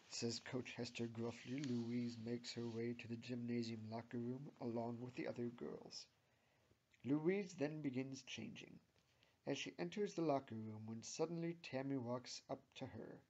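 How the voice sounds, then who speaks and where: A man giving a deadpan, mock-serious amateur reading of a fan fiction story. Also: medium pitch, unhurried, muffled recording.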